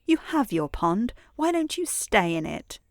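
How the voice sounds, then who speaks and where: Woman voicing a tearful little storybook girl, high and plaintive, lively, soft and slow. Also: no echo, studio quality. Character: tearful little girl who cries constantly.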